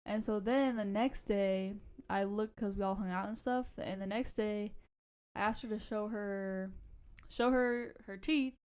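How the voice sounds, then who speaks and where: A woman's voice: mid-range voice, steady tone, measured pace, a little mellow, clear, resonant tone. A young woman co-hosting a podcast, chatting in a laid-back way with casual slang. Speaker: podcast co-host. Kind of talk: casual chat.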